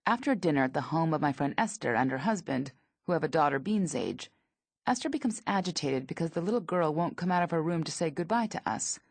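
A woman in her thirties narrating her memoir in a dry, observational manner, with a husky, gravelly voice. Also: low voice, a little mellow, dry recording. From United States.

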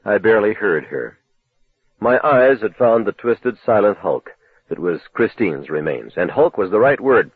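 A man narrating a novel in the first person, telling it in a measured, low, dramatic manner. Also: big pitch swings, slightly rough, no echo. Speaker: audiobook narrator. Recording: tinny phone-like dry recording.

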